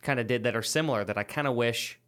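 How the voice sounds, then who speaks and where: A woman with an unusually deep voice co-hosts a casual podcast chat. She mostly chimes in with short reactions and quick asides. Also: a bit bright, clean tone. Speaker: podcast co-host.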